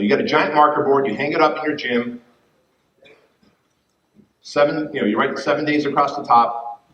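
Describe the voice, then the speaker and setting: A man giving an energetic, profane business talk to a conference audience, acting out quoted voices. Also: on the high side. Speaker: fitness business speaker. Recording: distant, roomy, dull room mic.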